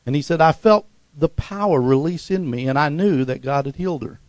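A man preaching a sermon full of stories, climbing to loud excited peaks, acting out the voices in his tales and calling out for amens and hallelujahs. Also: fairly high pitch, brisk, dry recording. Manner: calls for "amen" and "hallelujah" response. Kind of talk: sermon with storytelling.

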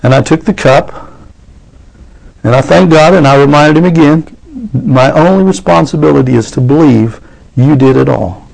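A man preaching a sermon as pastor, fervent and rising into excited preaching. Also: on the high side, moderate pace, gravelly, poor audio.

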